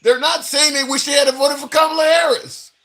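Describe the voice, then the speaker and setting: A man's voice: extremely high pitch, fairly even intonation, fairly quick, pushed and bright. A man hosting a political talk, pushing back and interrupting with questions. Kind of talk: debating a caller.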